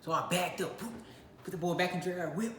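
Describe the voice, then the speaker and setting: This clip has a young Illinois man on his channel, relaxed and recounting something that happened to him while playing out how he reacted. He speaks high and fairly quickly. Faint noise and echo come from the room.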